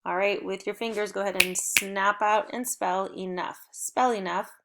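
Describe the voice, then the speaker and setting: Leading a recorded phonics lesson for kids, an upbeat young teacher gives clear, encouraging prompts at an even pace and cheers the children on between words. She has a mid-range voice and a moderate pace, and the recording is very noisy.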